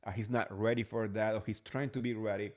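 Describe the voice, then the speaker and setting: A man's voice: lowish voice, level tone, brisk, a little mellow. A man hosting a casual reality TV recap, chatty and gossipy, swearing freely. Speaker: host.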